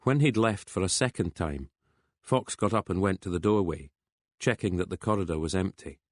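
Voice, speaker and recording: A man with a very low voice reads a crime novel in a steady, unhurried storytelling manner. The recording is close and dry, with no room sound at all. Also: no echo. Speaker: audiobook narrator. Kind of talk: scripted crime novel narration.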